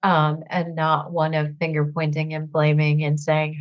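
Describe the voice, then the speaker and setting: A woman with a somewhat low voice shares her recovery story in a candid, halting way, leaning on fillers as she searches for words. She sounds teary. The audio is dull and lo-fi. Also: monotone. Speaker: guest sharing recovery story. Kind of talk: emotional personal storytelling.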